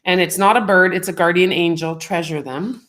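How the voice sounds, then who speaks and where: A woman's voice: on the low side, normal speed, fairly bright tone. A middle-aged woman co-hosting a livestream, chatting casually and reading out viewer comments. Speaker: co-host of a livestream show. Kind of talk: casual chat.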